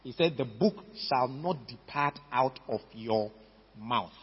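Emphatic Ghanaian preacher, echoing hall. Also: male voice, medium pitch, expressive, takes it slowly, slightly rough. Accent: Ghanaian English. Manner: emphatic, repeats words, stresses key words. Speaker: pastor. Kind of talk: sermon. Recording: dull lo-fi recording in a reverberant hall.

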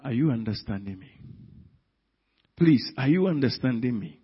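A man preaching a sermon, telling the story dramatically with sudden loud emphatic peaks. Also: mid-range voice, expressive, normal speed, breathy edge. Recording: dull sound in a reverberant hall.

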